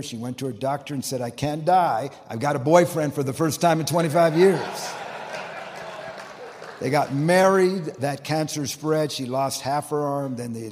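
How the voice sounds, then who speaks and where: A man preaching as pastor of a church, telling a story with emphasis and swinging between loud and quiet delivery. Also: medium pitch. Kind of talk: sermon. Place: church sanctuary. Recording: long reverb of a large church hall.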